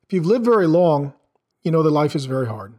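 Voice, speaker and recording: A man's voice: a little high, sing-song, a little fast, darkish tone. A middle-aged man preaching a sermon in an earnest, conversational way, asking the listeners questions. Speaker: pastor.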